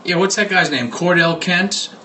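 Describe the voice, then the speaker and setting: A man hosting a talk radio show in a bright, slightly raised voice. He talks loosely and chattily, with a joking edge. A faint hiss of noise sits under him. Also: sits high, moderate pace. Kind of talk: casual chat.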